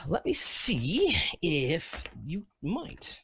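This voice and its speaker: A man running a tabletop game as game master, talking in an unhurried, searching way with many fillers and restarts. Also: a little high, huge pitch swings, a bit bright, slight background noise.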